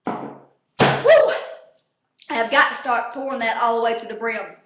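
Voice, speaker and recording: Talking fast in a voice on the high side with fairly even intonation, a woman casually recaps a reality show for her vlog. She swears, rambles, and leans on fillers, and the recording sounds dull, lo-fi, and echoey.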